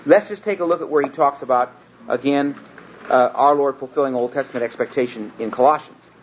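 Emphatic man teaching a Bible lesson. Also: mid-range voice. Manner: earnest, emphatic, slows and rises on quoted scripture. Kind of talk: teaching sermon. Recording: dull lo-fi recording with faint hiss.

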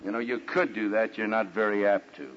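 A man preaching a storytelling sermon in an animated way, with his voice jumping high whenever he quotes someone. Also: a little fast. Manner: animated, jumps high when quoting others. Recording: dull lo-fi recording with faint hiss.

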